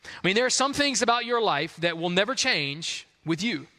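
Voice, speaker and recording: Man, pastor, high bright voice, lively sermon, long hall reverb. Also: moderate pace. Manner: conversational, acts out quotes, rising excitement. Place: large hall with congregation.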